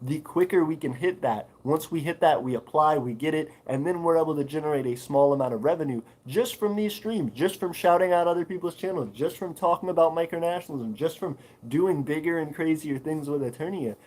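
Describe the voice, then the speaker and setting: A man's voice: a little high, a little fast, few pauses, darkish tone, poor audio. A man hosting a casual livestream, reading chat comments and answering with lots of fillers and restarts. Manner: rambling, many fillers, reads chat aloud. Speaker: livestream host.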